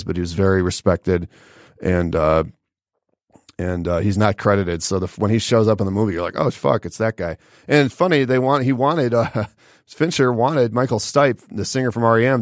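A man's voice: low voice, no room sound, studio quality. A man hosting a casual solo podcast, rambling and swearing freely, with plenty of filler words. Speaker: podcast host.

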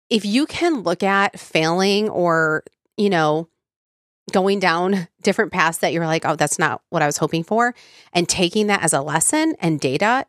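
Her voice fairly low and congested from a cold, a podcast host chats casually by herself, using plenty of "ums" and "you knows." The recording is dry and of studio quality.

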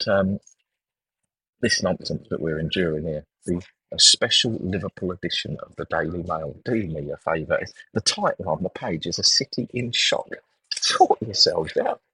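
A man's voice: low voice, normal speed, pushed and bright, breathy edge, dry recording, far from the mic, low-quality recording. A middle-aged man hosting a sports betting podcast, ranting bluntly and swearing in exasperation. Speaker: podcast host.

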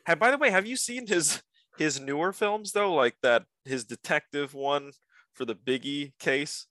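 A man's voice: a little high, moderate pace, sharp tone. A man co-hosting a casual movie podcast, playful and jokey, who often trails off mid-sentence. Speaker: podcast co-host.

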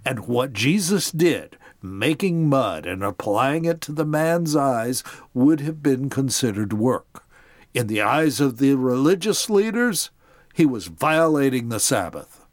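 A man's voice: mid-range voice, lively intonation, slow pace, no room sound, clean studio sound. A man hosting a podcast, narrating a Bible story and explaining it to his listeners. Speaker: podcast host.

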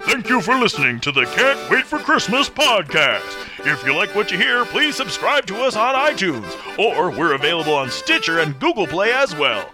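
A man's voice: high-pitched, sing-song, moderate pace, hardly any pauses. A man reading a podcast's closing announcement in a cheery, upbeat way over a music bed. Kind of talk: read outro announcement.

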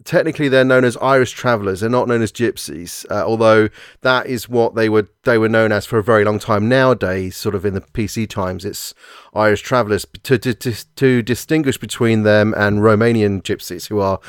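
A man's voice: on the low side, brisk, clean tone, no room sound, clean studio sound. A man from England talking casually about a film, explaining at length with fillers and restarts.

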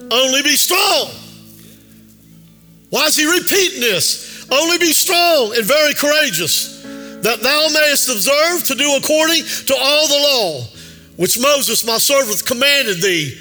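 A man preaching a sermon in a church, his very high voice ringing sharp and bright. He rises into a sing-song preaching cadence and keeps calling out to the congregation. Long hall reverb trails each phrase over faint music. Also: animated, measured pace. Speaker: pastor. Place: church sanctuary.

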